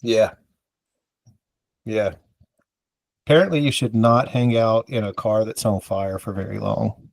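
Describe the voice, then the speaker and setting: A man's voice: lowish voice, fairly even intonation, a little slow, creaky, pauses often, no echo. A man from the American South, a podcast co-host, telling a rambling, self-mocking story in casual chat and acting out the dialogue.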